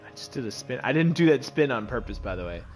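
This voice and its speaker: A man streaming himself playing a game, commenting casually and swinging from loud outbursts to quiet muttering. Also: medium pitch, quick pace, music in the background. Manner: excitable, swings from yelling to muttering.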